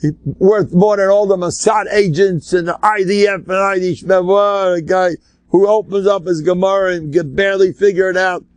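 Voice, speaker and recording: An older man, a rabbi, giving an animated, rambling Torah lecture full of Yiddish and Hebrew terms. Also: high-pitched, normal speed, clean tone, no echo.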